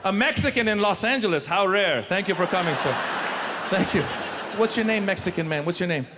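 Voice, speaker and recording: A man from Iran performing a stand-up comedy set, animated and joking with the audience on a club stage. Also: high voice, brisk, long reverb tail, crowd noise. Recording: live club audience laughter and noise.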